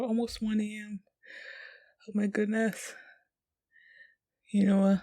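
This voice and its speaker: Husky woman squealing through a reaction. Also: on the high side, no echo. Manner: bursts into squeals and giggles. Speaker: manga reaction creator. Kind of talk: reading manga aloud with reactions.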